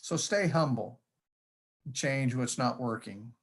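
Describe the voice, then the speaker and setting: A man's voice: mid-range voice, slow. A man giving a conference presentation in a folksy storytelling manner, with jokes along the way. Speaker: conference speaker. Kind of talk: presentation talk.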